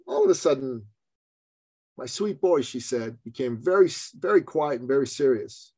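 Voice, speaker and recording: Animated male storyteller, dry close sound. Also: medium pitch, moderate pace, husky, no room sound. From Canada. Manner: animated storyteller, acts out quotes. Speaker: business coach guest. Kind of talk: storytelling in a podcast interview.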